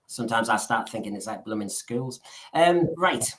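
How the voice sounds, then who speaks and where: A man's voice: medium pitch, expressive, moderate pace. A man co-hosting a podcast in casual chat, rambling along and often restarting his sentences with repeated words. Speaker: podcast co-host.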